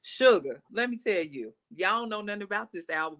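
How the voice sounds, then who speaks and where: A woman co-hosting a podcast, reviewing music in an exuberant, casual way, swooping high when excited. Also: a little fast. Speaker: podcast co-host.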